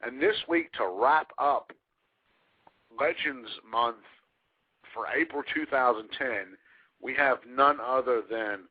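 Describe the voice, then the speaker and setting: A man's voice: mid-range voice, breathy edge. A man co-hosting a radio interview, chatty and joking with a fan's enthusiasm. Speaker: radio show co-host. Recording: tinny phone-like sound.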